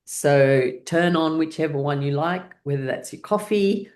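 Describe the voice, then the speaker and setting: A woman's voice: sits low, a little slow, a little mellow. A woman instructor guiding a laughter exercise class, talking through everyday routines and bursting into rhythmic laughter. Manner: cheerful, coaching, breaks into rhythmic ha-ha laughter.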